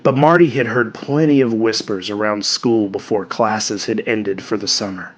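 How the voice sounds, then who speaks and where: A man hosting a podcast, reading a story aloud with expressive delivery that drops soft on dark lines. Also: on the low side, normal speed.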